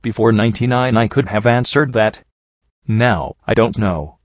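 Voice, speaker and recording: Man narrating an audiobook, steady measured reading, lo-fi dull sound. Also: fairly low pitch, no echo. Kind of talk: first-person storybook narration.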